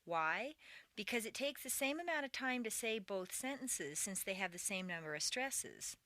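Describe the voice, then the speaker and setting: A woman reading a scripted English pronunciation lesson, with clear, deliberate speech and exaggerated intonation in the drills. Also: mid-range voice, expressive, bright, forceful tone, no room sound. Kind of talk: scripted audio lesson narration.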